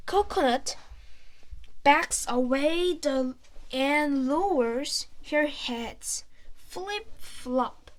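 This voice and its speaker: A woman reading a children's picture book aloud in a slow, sing-song way, playing up sound words and animal noises. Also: sits high, lively intonation, a bit bright. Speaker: storyteller.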